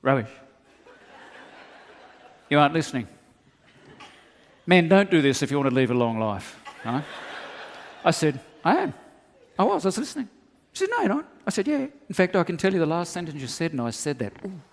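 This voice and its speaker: Humorous pastor, echoing hall. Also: male voice, on the high side, sing-song, fairly quick, long pauses, a little hiss or hum. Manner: humorous, acts out dialogue, laughs often. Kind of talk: sermon. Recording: long hall reverb.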